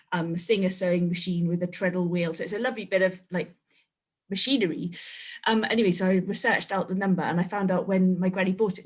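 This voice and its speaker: Female interview guest, family historian, chatty and easygoing. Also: medium pitch. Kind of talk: casual interview chat.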